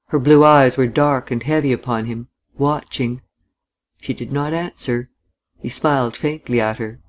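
A narrator reading a novel aloud in a measured, even way. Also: mid-range voice.

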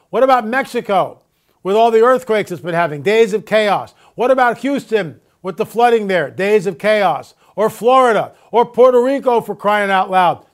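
Guy with a pretty high voice ranting on his own show, lots of are-you-kidding-me questions, drags out his catchphrases. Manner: repeats catchphrases, rhetorical questions, drawn-out stresses. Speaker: host of own video report. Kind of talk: emphatic commentary monologue.

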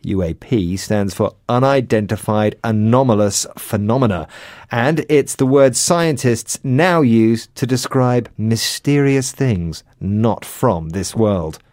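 A man hosting a scripted educational radio programme, speaking in a clear, measured, teacherly way. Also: medium pitch, a little mellow, dry recording. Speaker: host. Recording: dry studio sound.

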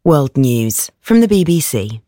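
A newsreader reading a world news bulletin in a steady, formal delivery. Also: medium pitch, a little slow, a little hiss or hum.

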